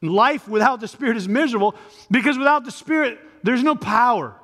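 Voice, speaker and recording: High-voiced preacher in a reverberant hall. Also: male voice, fairly quick, a bit bright. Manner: conversational preaching with rising emphatic peaks. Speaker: pastor. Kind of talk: sermon. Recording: long reverb of a large hall.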